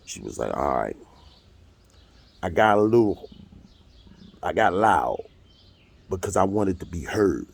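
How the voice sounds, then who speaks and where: A man's voice: lowish voice, darkish tone. A man, bluntly and profanely retelling a court hearing in a casual monologue. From United States. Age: 50s. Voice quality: gravelly and husky. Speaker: storyteller recounting a court hearing.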